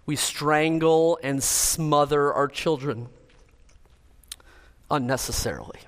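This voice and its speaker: Male pastor, earnest, measured sermon delivery, slightly high voice, long church reverb. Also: a bit bright. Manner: earnest, measured, list-driven.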